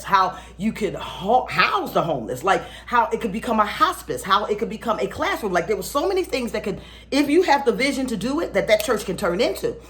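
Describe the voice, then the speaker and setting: Laughing frequently, a spiritual teacher shares a story with her viewers in a relaxed, lively way, impersonating the people she encounters. She speaks at a medium pitch.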